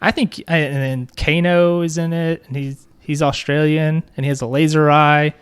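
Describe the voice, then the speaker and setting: A man's voice: a little high, little pitch movement, moderate pace, clear, resonant tone. A man co-hosting a podcast in casual banter, enthusiastic and dryly joking. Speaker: podcast co-host.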